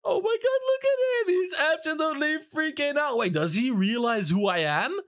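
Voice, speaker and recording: A man's voice: very high voice, animated, normal speed, a bit bright. A man hosting a gaming video, giving gleeful, giggly commentary while he plays a prank. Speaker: gaming channel host. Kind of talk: excited gameplay commentary.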